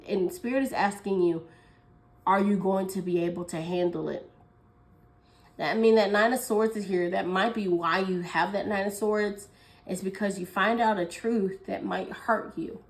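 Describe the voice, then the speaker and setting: A woman's voice: mid-range voice, a little mellow, rough recording. A woman giving a casual tarot reading, chatty and thinking aloud, with fillers and frequent small laughs. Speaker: tarot reader.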